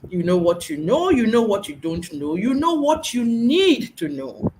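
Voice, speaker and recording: A woman's voice: a little high, very animated, a little slow, noisy background. A woman hosting an interview who asks questions in an encouraging way, with frequent affirming murmurs. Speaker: host, interviewer.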